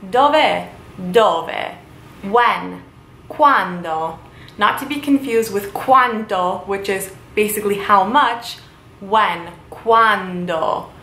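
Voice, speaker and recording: A young woman hosting a casual video lesson, repeating each word slowly and enunciating carefully. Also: medium pitch, a bit bright. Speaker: language teacher, channel host. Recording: roomy with faint ambient noise.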